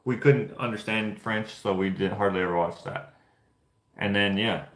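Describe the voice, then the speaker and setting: A man's voice: fairly low pitch, moderate pace, fairly bright tone. A young man from Canada chatting casually and rambling offhand while painting figures. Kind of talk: casual chat. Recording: roomy echo.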